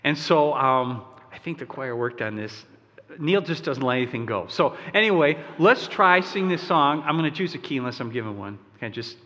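A man's voice: medium pitch, lively intonation, moderate pace, sharp tone. A male pastor preaching a sermon, talking in a loose, conversational way with fillers and asides, and leading his congregation in song. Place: church sanctuary. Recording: long church reverb.

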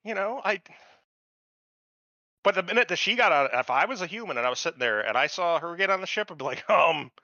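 A man co-hosting a casual podcast rants animatedly, swearing and laughing along the way. His voice sits high and he talks fast but pauses often, in a lo-fi recording with no echo.

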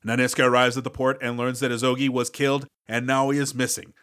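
A man co-hosting a podcast, summarizing a movie plot in a relaxed, casual way. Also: medium pitch, fast, clean tone. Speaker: podcast co-host. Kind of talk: casual movie review chat.

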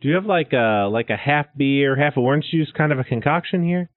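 A man's voice: fairly high pitch, expressive, a little fast, no room sound. Wry man gamer, tinny line. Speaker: tabletop game player. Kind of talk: casual chat. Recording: tinny phone-like call audio.

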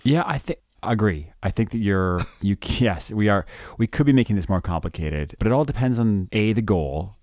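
A man co-hosts a casual clinical podcast in a lowish, mellow voice. He sounds measured and agreeable, working through his ideas aloud. The recording is dry and close. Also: lively intonation, no echo. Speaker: anesthesiologist podcast co-host.

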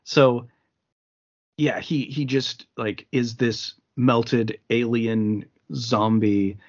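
A man's voice: mid-range voice, steady tone, drawn-out words. A man co-hosting a podcast, chatting casually about films, rambling with frequent restarts and fillers. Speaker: podcast co-host. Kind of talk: casual film discussion. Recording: slightly muffled lo-fi podcast audio.

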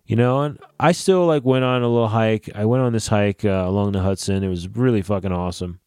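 A man hosting a casual solo podcast, swearing freely and ranting in a lively way. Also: on the low side, fairly quick, clean tone, dry recording, clean studio sound. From New Jersey / New York area. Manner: profane, animated ranting. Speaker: podcast host.

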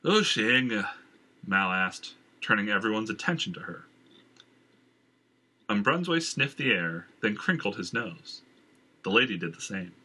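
A man's voice: lowish voice, lively intonation, unhurried, long pauses, pushed and bright, slightly rough. A man narrating a fantasy novel aloud in a casual read, dropping in filler ums. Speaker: audiobook reader. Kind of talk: fiction narration.

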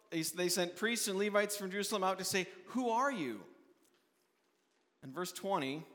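Pastor preaching in a reverberant hall. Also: male voice, fairly bright tone. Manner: earnest, restarts often, voices quoted questioners in a raised pitch. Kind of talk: sermon.

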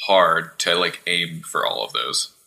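A man's voice: deep voice, measured pace, creaky, sharp tone. A man co-hosting a podcast, chatting casually about a video game, rambling and hesitant with a self-mocking humor. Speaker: podcast co-host.

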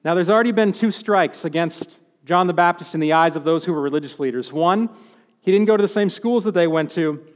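Male preacher, high voice, chatty sermon with wry asides; long hall reverb. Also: fairly quick. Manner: conversational, with joking asides.

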